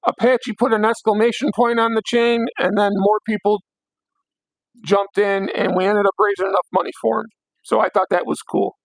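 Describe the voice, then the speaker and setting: A hoarse young man hosting a late-night livestream, ranting bluntly with plenty of swearing. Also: sits high, little pitch movement, moderate pace, no echo, low-quality recording. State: hoarse, voice worn out. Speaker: livestream host.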